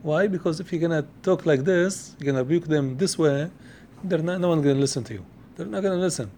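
A man gives a Torah lesson at a brisk clip, his voice sitting a little high for a man. He rattles off quotations in a quick chant and often repeats a word while he finds his phrasing. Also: a little mellow, a little hiss or hum. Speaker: Torah teacher. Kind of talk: Torah class, explaining texts.

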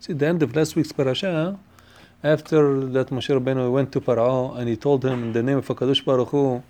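A man teaching a Torah class on the weekly portion, moving between English and rapidly chanted Hebrew verses, his English marked by restarts and non-native phrasing. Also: medium pitch, a little mellow.

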